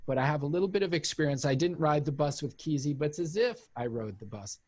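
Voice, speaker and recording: Man w a high lively voice, telling a story on an interview, does the voices of the people in it. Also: fast. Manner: animated storyteller who acts out quoted voices. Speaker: interview guest, author and former cult member. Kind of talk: casual conversational storytelling.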